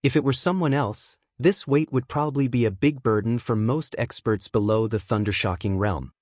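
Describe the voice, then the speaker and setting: Steady male audiobook narrator. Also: medium pitch, normal speed, dry recording. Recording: dry close-miked studio sound.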